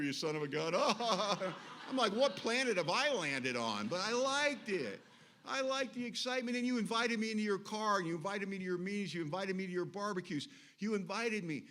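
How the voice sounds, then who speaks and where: A middle-aged man with a fairly high voice speaks at a recovery meeting. He tells his story in an animated, conversational way and acts out what others said to him. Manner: animated storytelling with acted quotes.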